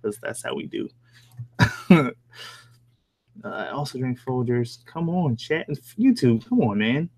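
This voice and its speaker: A man's voice: mid-range voice, animated, measured pace, long pauses, darkish tone. Laid-back man, Jersey-meets-country accent. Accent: mix of New Jersey and American Southern country. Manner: loose, laid-back and profane, with frequent chuckles. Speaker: horror story narrator live-streaming. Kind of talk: casual live-stream chat, reading and answering viewer comments. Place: at home.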